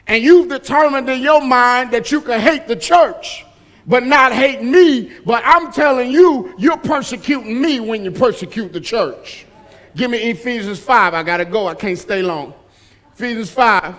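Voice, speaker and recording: A pastor delivering an emphatic sermon. He uses call-and-response and rises into shouts at his peaks. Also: extremely high pitch, moderate pace.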